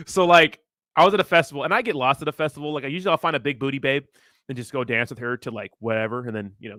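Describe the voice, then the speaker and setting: A man in his thirties rambles through a casual livestream chat, cursing freely and laughing easily. His voice sits at an ordinary middle pitch, and the sound is dry and close with no room echo. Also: a bit bright. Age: 30s. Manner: rambling, profane, laid-back, laughs often. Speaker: crypto streamer reading chat.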